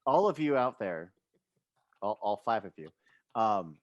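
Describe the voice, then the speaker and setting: A man hosting a casual chat about a horror film, telling stories in a relaxed, wry way with acted-out bits. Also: on the low side, a little slow, lo-fi sound. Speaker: host.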